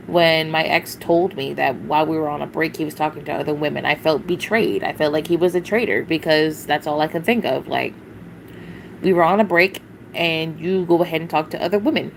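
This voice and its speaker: A woman with a lowish voice vents on a casual livestream, blunt, exasperated and full of curses. She rambles with sighs and short laughs, and faint noise hums behind her. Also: creaky, low-quality recording.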